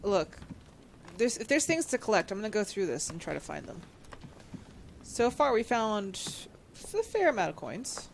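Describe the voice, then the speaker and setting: A woman streamer giving casual, excitable gameplay commentary and reading on-screen text aloud. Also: medium pitch, moderate pace, gravelly, long pauses, a little hiss or hum.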